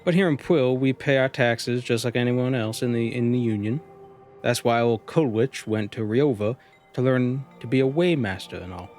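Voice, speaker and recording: A man's voice: mid-range voice, normal speed, a little mellow, natural voice. A man voicing a shrewd, guarded small-town mushroom shopkeeper in a folksy drawl, with faint music behind. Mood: warning. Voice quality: drawling, folksy rural accent voice. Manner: wheeling and dealing, slightly menacing.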